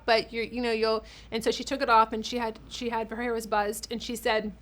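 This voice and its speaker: Emotional storytelling woman, bright voice. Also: fairly high pitch, a little fast, few pauses. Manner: emotional, animated, lots of fillers and restarts. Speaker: vlogger and author. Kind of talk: casual storytelling to camera.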